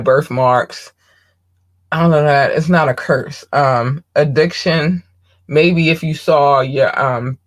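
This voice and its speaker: A woman hosting a podcast, talking bluntly and candidly in a casual monologue, swearing freely and often pausing with ums. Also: deep voice. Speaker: podcast host.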